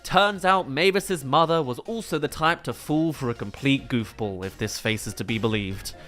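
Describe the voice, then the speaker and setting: A man's voice: medium pitch, normal speed, a bit bright, faint music behind. A man giving detailed, enthusiastic film analysis commentary as a reviewer.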